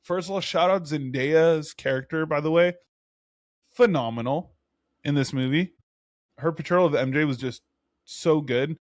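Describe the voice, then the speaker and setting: A young man co-hosting a podcast in casual chat, animated and laughing as he acts out his own reactions. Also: fairly high pitch, normal speed, long pauses, dry recording, clean studio sound. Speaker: podcast co-host.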